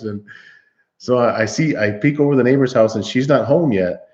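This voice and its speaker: A man's voice: mid-range voice, fairly quick, a little mellow, dull audio. A man hosting a livestream, casually telling a long, laughing story to his chat with lots of restarts. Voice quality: rambling, laughing, with frequent restarts. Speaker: livestream host.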